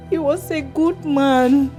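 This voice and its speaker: An actress playing a grieving young woman, lamenting her dead boss in a slow, sorrowful way. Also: high-pitched, a little mellow. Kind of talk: film acting.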